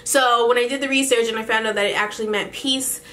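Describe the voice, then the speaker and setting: A woman's voice: a little high, steady tone, quick pace, bright, forceful tone. A young woman chatting candidly to her camera as a vlogger, talkative and swearing casually. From Canada. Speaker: beauty vlogger.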